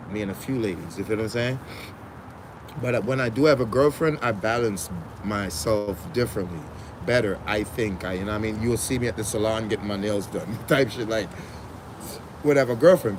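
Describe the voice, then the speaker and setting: A man's voice: on the low side, background noise. A man on a casual livestream, talking slangy and profane, laughing often and hammering home repeated phrases. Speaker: livestream host.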